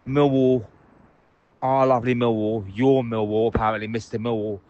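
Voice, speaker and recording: A man's voice: medium pitch, fairly even intonation, normal speed, darkish tone, dull audio, a little hiss or hum. A man leaving angry voicemails, ranting and swearing passionately from a busy station. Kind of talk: phoned-in voicemail rant. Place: out in public, at a train station.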